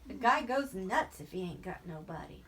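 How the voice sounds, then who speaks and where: A woman's voice: mid-range voice, animated, moderate pace, a bit bright, a little hiss or hum. A woman voicing a big, simple-minded male farmhand, plaintive and insistent in an audiobook reading. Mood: fearful.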